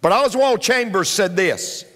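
A man's voice: high voice, animated, a little slow, fairly bright tone, in a large hall. A male pastor preaching a sermon, emphatic, repeating key lines.

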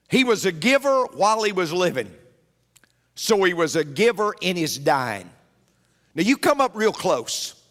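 A man preaching with a rather high voice. He tells stories from the pulpit and repeats his key lines for emphasis. His voice rings with the long reverb of a church hall. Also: pushed and bright. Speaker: pastor. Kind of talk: sermon.

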